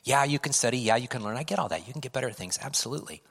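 Middle-aged pastor preaching in a reverberant hall. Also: male voice, medium pitch, lively intonation, rapid-fire, vocal fry, husky. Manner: swings between loud emphatic lines and hushed whispers. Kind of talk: sermon. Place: church sanctuary.

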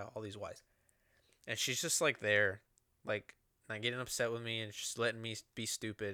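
A man's voice: lowish voice, moderate pace, pushed and bright, clear, resonant tone, no echo, studio quality. A man telling a personal story in a rambling, casual way, with lots of swearing and fillers.

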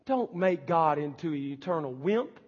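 Male pastor, fervent pulpit delivery, pitched high, dull sermon tape in a reverberant church. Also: lively intonation, moderate pace, husky. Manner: impassioned preaching, acting out pleading prayers. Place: church sanctuary.

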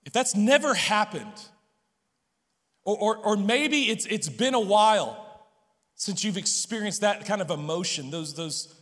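High, bright-voiced pastor preaching earnestly. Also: male voice, lively intonation, big-room sound. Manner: earnest, halting with many repeated restarts. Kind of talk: sermon. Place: church sanctuary.

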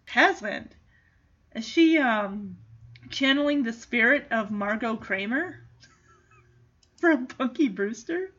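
A woman chatting casually in an amused way as she recaps a movie and does quick character voices. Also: on the high side, lively intonation, fairly bright tone, muffled recording.

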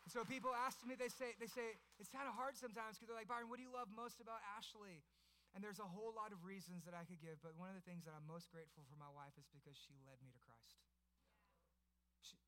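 A pastor in his thirties preaching a sermon, telling his story and building to loud, passionate preaching. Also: high voice, a little hiss or hum.

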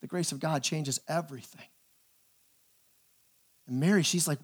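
High-voiced pastor preaching with animated energy. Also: male voice, measured pace, breathy edge. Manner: animated, acts out quoted voices, repeats words when starting phrases. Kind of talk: sermon.

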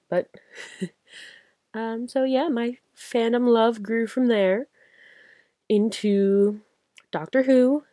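A woman's voice: fairly low pitch, a little mellow, dry recording, studio quality. A young woman hosting her own podcast, chatting casually and rambling with giggles and enthusiasm, tired late at night. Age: young adult. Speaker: podcast host. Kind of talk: casual solo fan chat.

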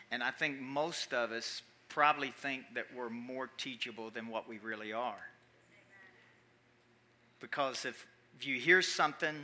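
A man preaching a sermon in church, animated, swinging from quiet asides to loud emphatic calls. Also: mid-range voice. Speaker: pastor.

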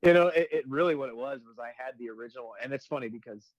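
A man in his twenties, a firefighter and comedy video creator, chatting casually and breaking into loud quoted voices as he tells stories. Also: medium pitch, quick pace, no echo, muffled recording. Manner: animated storytelling, jumps into loud quoted voices. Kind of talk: casual podcast chat.

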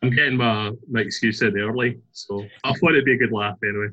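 A Scottish quiz contestant with a husky voice, rambling and hedging his answers. The sound is dull and lo-fi. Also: medium pitch, steady tone, quick pace, bright, forceful tone. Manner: rambling, hesitant. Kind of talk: casual chat.

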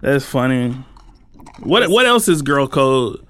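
A man's voice: medium pitch, big pitch swings, takes it slowly, a bit bright. A man co-hosting a casual podcast who asks curious questions in an easygoing way. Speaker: podcast co-host.

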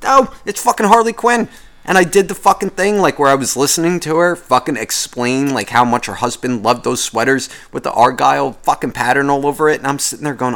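A man's voice: medium pitch, fairly quick, vocal fry, a bit bright. A man in his thirties hosting a show, telling a story in an exasperated rant, swearing constantly. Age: 30s. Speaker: podcast host. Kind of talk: profane ranting storytelling.

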